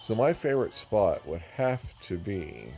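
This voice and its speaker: A deep-voiced man chatting loosely as he tours a game, wandering off topic and poking fun at himself. His tone is casual and unpolished, with a faint hiss under the voice. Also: big pitch swings, measured pace, mellow. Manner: rambling, self-mocking, easily sidetracked. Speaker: gamer touring a build.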